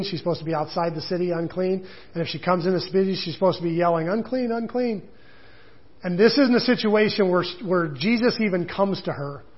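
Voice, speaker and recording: A man's voice: sits high, husky, muffled recording. A man preaching a sermon in a conversational way, with casual asides and quoted voices. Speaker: pastor.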